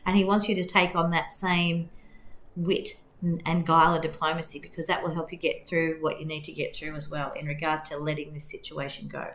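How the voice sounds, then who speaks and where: A woman giving a gentle, rambling tarot reading to camera, saying she is losing her voice. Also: low voice, level tone, fairly quick, a little hiss or hum. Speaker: tarot reader. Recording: echoey room.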